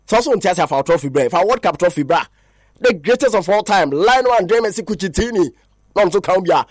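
Ghanaian guy on sports radio, high voice, rambles thru player names, dry close sound. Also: animated, brisk, no echo. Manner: rambling, switches languages, lists names. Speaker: radio sports show host. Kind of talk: sports talk radio chat.

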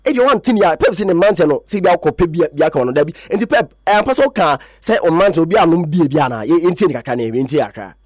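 A man with a Ghanaian accent presenting sports news in an excited way, acting out quotes from players and coaches. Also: fairly high pitch, rapid-fire, hardly any pauses, dry recording, studio quality. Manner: excitable, mixes languages, acts out quotes. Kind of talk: animated sports talk.

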